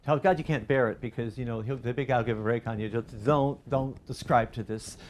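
A middle-aged man preaching a sermon as pastor, rising loud and animated through lists and quoted cries. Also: medium pitch, a little fast.

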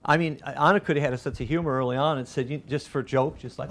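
A middle-aged man preaching a sermon as pastor, rising loud and animated through lists and quoted cries. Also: on the high side, quick pace, hardly any pauses, a little hiss or hum.

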